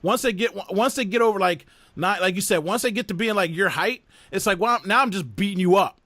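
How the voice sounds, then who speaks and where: A podcast host and father chats casually, spinning family stories in an animated way and doing other people's voices as he tells them. His voice is high-pitched and fairly quick, with no room sound.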